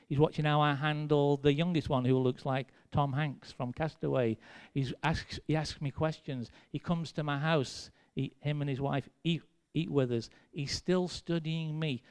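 English man, preacher, casual sermon storytelling, dry sarcastic humor, smooth clear voice. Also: fairly high pitch, a little mellow. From England. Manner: conversational and self-deprecating, with dry sarcasm. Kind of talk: sermon with personal stories.

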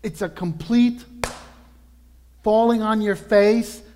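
A man preaching a sermon as pastor, earnest and emphatic, slowing down to stress key words. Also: high voice, fairly even intonation, dark tone, big-room sound, a little hiss or hum. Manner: earnest, emphatic preaching with slow drawn-out lists.

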